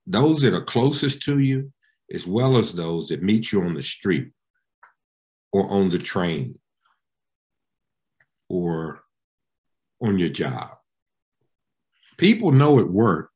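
A man's voice: big pitch swings, takes it slowly, long pauses, a little mellow. A man, a pastor, answering interview questions in an emphatic, preacherly way. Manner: emphatic, preacherly, with wide pitch swings.

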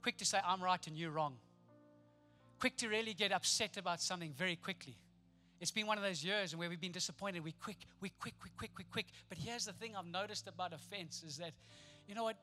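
A man preaching a sermon, animated and playful, acting out the people in his story. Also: sits high, fairly quick, faint music behind. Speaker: pastor.

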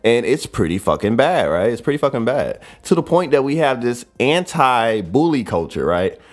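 A man's voice: medium pitch, big pitch swings, moderate pace. A young man hosting a podcast, telling a story in a rambling, profane way and adding "right?" after nearly every phrase. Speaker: podcast host. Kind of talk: casual solo monologue.

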